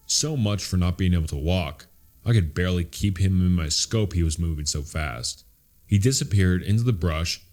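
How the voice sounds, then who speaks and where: A man reading horror stories aloud as a narrator, in a steady, measured storytelling style. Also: deep voice.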